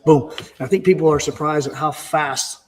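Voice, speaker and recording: A man talking casually on a podcast, telling fast, animated stories about his busy workday. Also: fairly high pitch, slight background noise. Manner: fast, animated storytelling with exclamations. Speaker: podcast guest, fence business owner.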